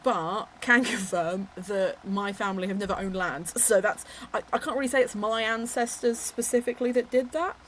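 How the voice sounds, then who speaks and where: A woman from England hosting a book club chat, animated and teasing, laughing often. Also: mid-range voice, normal speed, hardly any pauses, slight background noise. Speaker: book club podcast host. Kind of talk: casual chat.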